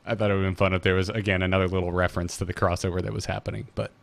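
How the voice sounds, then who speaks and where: A man co-hosting a podcast, chatting casually about a game, relaxed and jokey, often stumbling into restarts. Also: deep voice, rapid-fire, gravelly. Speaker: podcast co-host. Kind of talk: casual gaming chat.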